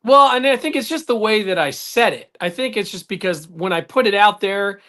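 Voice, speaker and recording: A man's voice: high-pitched, expressive, a little fast, bright, forceful tone. Blunt guy on a talk show, heated, swears a lot. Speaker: podcast co-host. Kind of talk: casual chat.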